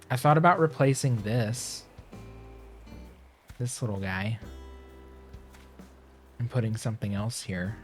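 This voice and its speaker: A young man streaming a game, chatting casually and rambling to himself, his voice a little hoarse and often clearing his throat. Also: fairly low pitch, darkish tone. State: slightly hoarse. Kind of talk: casual gameplay chat.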